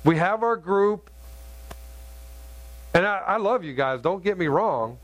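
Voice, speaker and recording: Middle-aged pastor guy preaching, earnest and stop-start, kinda high voice. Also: lively intonation. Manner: earnest, halting, many restarts. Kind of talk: sermon with storytelling.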